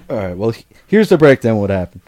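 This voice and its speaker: A man's voice: on the low side, big pitch swings, fairly quick, a little mellow. A man co-hosting a comedy podcast, reading odd news bits aloud in casual chat. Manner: reads news bits aloud, breaks into laughter. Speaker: podcast co-host reading stories.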